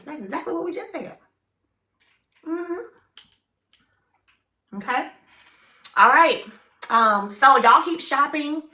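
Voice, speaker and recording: A woman's voice: high-pitched, expressive, takes it slowly, pauses often, sharp tone, echoey room. Chatty woman selling on a live stream. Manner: chatty and upbeat, urging viewers to buy. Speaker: live shopping host. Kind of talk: live-stream sales pitch. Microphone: phone.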